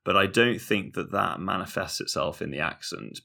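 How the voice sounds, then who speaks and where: A man with a very low, deep voice holds forth like a mock expert on a comedy podcast. He rambles and drops into quiet, trailing asides. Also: normal speed, gravelly, hardly any pauses.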